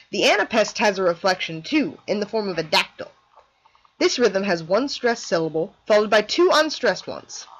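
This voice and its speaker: A woman reading a scripted lesson aloud as narration for an animated video, in a clear, explanatory way. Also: medium pitch, highs cut off.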